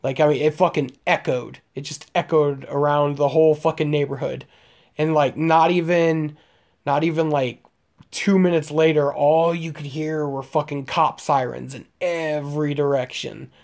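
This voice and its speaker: He's a man in his late twenties from Omaha, Nebraska, United States, telling profane, meandering stories while casually talking with his stream's viewers, laughing and using lots of fillers. His voice is a little high and a little mellow, with fairly even intonation at a moderate pace.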